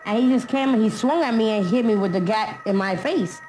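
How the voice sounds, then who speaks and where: A woman's voice: fairly high pitch, fairly quick, mellow, faint music behind, poor audio. A woman retelling hard memories in a candid documentary interview, blunt and full of street slang.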